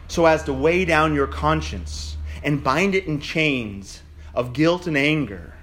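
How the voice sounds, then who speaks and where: A male pastor preaching an Easter sermon in a church, swinging between shouted declarations and quieter, joking asides. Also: on the high side.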